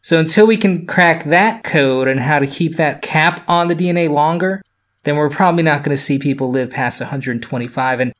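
Rambling man co-hosting news chat. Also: a little high. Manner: loose, rambling explanations with fillers. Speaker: podcast co-host.

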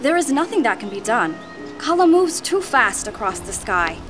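Gentle wise mother, calm, soft, patient, a bit higher, woman voicing her. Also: moderate pace, over music. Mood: resigned.

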